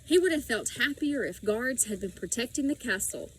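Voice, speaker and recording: A woman reading a children's storybook aloud in a slow, expressive way. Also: on the high side, a little hiss or hum, poor audio. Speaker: audiobook reader.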